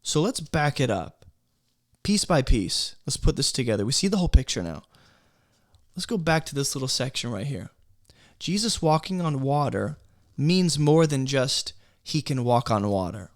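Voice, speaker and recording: A man's voice: medium pitch, sing-song, normal speed, no room sound, studio quality. A man leading a casual Bible study workshop, talking conversationally and with emphasis, often checking in with his listeners. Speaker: Bible teacher.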